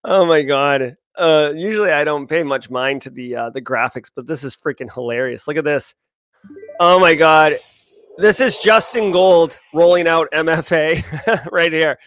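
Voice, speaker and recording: A man with a Boston accent hosting a daily cyber news live stream, talking in an energetic, rambling, self-joking way. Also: fairly high pitch, moderate pace, no echo. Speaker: host. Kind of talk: casual live-stream chat.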